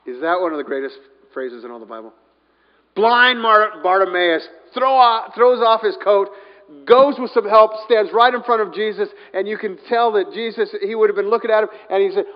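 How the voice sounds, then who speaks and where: Animated high-voiced male preacher. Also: moderate pace. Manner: animated, swings from loud to hushed. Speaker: pastor. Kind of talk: sermon. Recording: dull sound, long hall reverb.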